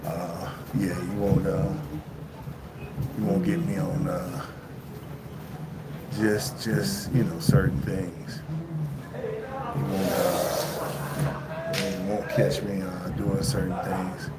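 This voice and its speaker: A man livestreaming casually from his phone while traveling, rambling and halting with many fillers and restarts. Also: deep voice, level tone. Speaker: vlogger livestreaming. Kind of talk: casual live-stream chat. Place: indoors at a lodging while traveling. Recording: loud background noise.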